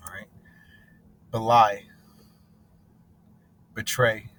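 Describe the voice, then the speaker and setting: A man's voice: fairly low pitch, level tone, very slow, a bit bright, slight background noise. A man teaching scripture in a blunt, casual, profane way, often asking "right?". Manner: blunt and profane, tags lines with "right?" and "bro".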